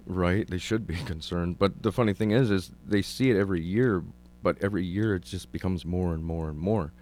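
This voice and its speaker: A man's voice: sits low, fairly quick, a little mellow. A man in an interview, talking hesitantly with many ums while narrating his own video clips.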